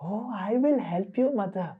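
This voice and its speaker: A man voicing Indra, a young god flattering his aunt with false devotion, soft and coaxing. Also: sits high, measured pace, slightly rough, narrow, tinny audio, pitched above the performer's own voice, exaggerated voice. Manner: soft coaxing, hushed then pleading.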